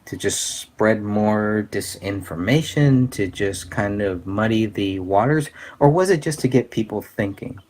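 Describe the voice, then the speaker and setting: A man hosting a casual commentary show, talking in an earnest, halting way with many fillers and restarts. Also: on the low side, darkish tone. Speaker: podcast host.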